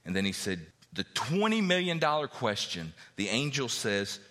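A man preaching a sermon, reading scripture aloud and acting out what the characters say in an animated way. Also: mid-range voice, normal speed, long reverb tail. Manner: animated, acts out biblical characters' speech.

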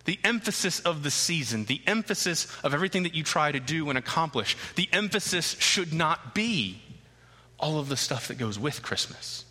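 A man preaching a sermon as pastor, emphatic and repeating key phrases with slow, deliberate stresses. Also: on the high side, animated, bright, forceful tone, long reverb tail. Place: church sanctuary.

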